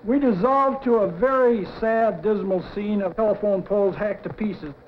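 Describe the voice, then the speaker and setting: A middle-aged man with a high voice pitches a cartoon storyboard, acting out every sound effect with energy. The recording is dull and lo-fi, with a faint hiss underneath. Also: moderate pace. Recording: dull lo-fi 1950s TV audio.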